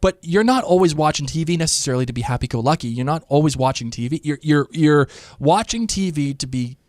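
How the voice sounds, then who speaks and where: Animated man co-hosting a podcast. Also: on the high side, fast, no echo, studio quality. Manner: animated, quotes characters in put-on voices. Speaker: podcast co-host. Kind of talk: casual chat about a TV episode.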